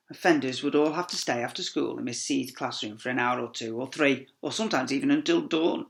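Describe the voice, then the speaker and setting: A man's voice: mid-range voice, fairly quick, vocal fry, few pauses. A man, a teacher reading a children's story aloud, with playful asides to young listeners. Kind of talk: expressive storybook read-aloud.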